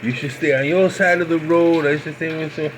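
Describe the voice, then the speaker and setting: A man's voice: on the high side, steady tone, brisk, slight background noise, lightly acted. A man voicing a blunt backwoods Southern man with a brash, drawling way of talking.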